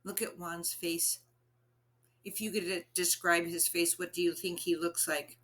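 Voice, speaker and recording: A woman reading a picture book aloud to children, expressive and asking them questions. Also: lowish voice, a little slow. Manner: expressive, asks listeners questions.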